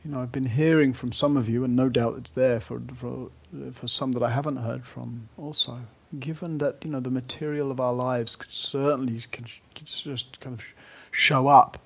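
A man leads a retreat with a gentle, unhurried dharma talk. His voice is husky and a little breathy, and he sometimes sinks to a near whisper. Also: mid-range voice, steady tone. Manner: gentle and unhurried, dropping to a soft whisper at times. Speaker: meditation teacher.

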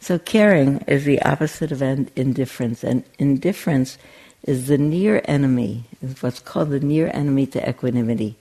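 Gravelly-voiced woman teaching meditation. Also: sits low. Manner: gentle, conversational, with frequent restarts and a playful storytelling streak. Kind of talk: dharma talk.

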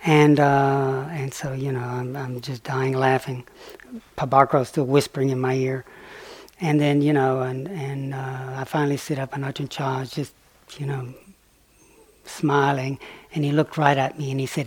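A man giving a dharma talk, telling a story in a soft-spoken way that often drops quiet and breaks into chuckles. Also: medium pitch, level tone, moderate pace, breathy edge, no echo. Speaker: meditation teacher.

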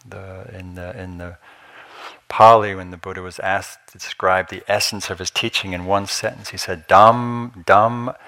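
A man with a low voice and a bright, forward ring gives a relaxed dharma talk in a meditation hall. He teaches with easy humor, shares stories and chuckles softly. His delivery stays unhurried and informal throughout. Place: meditation hall at a retreat center.

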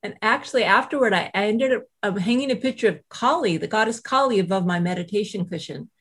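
A woman who writes and teaches self-compassion, telling a personal story in a casual interview, animated and full of "you know" asides. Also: mid-range voice, fast, slightly rough. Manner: animated, acts out quoted voices, frequent "you know" asides.

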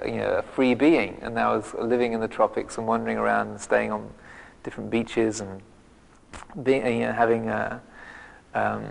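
Gravelly monk giving a rambling dharma talk. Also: male voice, fairly low pitch, in a large hall, rough recording. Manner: rambling, many restarts and fillers, self-mocking humor. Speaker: monk teacher. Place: monastery meditation hall.

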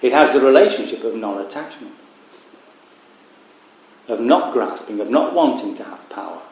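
Male meditation teacher, mid-pitched, calm dharma talk, very echoey hall. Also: vocal fry. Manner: reflective, pausing, wry asides. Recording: very echoey room.

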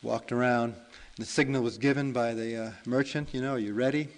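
A meditation teacher narrating a folk tale in a relaxed, chatty way, with fillers and self-corrections. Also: male voice, mid-range voice, moderate pace, low-quality recording. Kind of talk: storytelling in a dharma talk.

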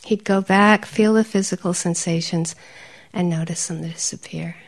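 This is a woman giving a meditation talk in a storyteller's way. She grows animated and laughs often. At times she softens to a quiet, breathy near-whisper. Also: on the low side, moderate pace. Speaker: meditation teacher. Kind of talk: dharma talk.

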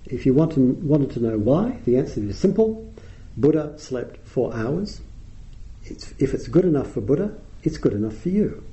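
Dark-voiced man telling wry meditation stories. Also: medium pitch, very animated, normal speed, rough recording. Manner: wry anecdotal storytelling, chuckling at his own tales. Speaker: meditation teacher. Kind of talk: dharma talk.

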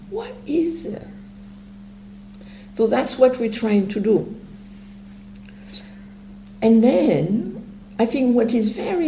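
Slow, gravelly woman. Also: medium pitch. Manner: slow, gentle and explanatory, with long pauses. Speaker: meditation teacher. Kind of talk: meditation instruction talk. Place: retreat center meditation hall. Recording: echoey hall with faint hum.

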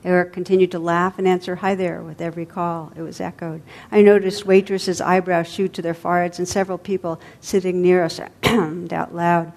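Soft-spoken woman telling a story. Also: fairly low pitch, flat delivery, moderate pace, creaky, hardly any pauses. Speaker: meditation teacher. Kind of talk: storytelling in a dharma talk.

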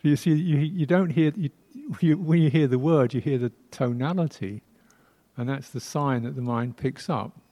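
A man with a mellow, warm voice teaches as a Buddhist teacher in a temple hall. He speaks in a reflective, unhurried way, pausing often and laughing softly. He now and then imitates speech sounds playfully. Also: medium pitch. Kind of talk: dharma talk.

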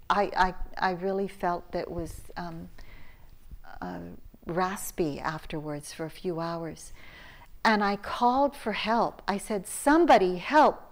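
At a meditation retreat, a middle-aged woman teacher gives a dharma talk in a mid-range voice. She tells a story conversationally, laughing and restarting as she goes.

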